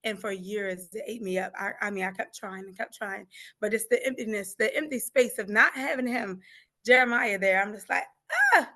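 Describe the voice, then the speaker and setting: A woman's voice: medium pitch, normal speed, sharp tone. A middle-aged woman, a grief coach, passionately telling her story of faith with acted-out quotes. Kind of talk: emotional personal testimony.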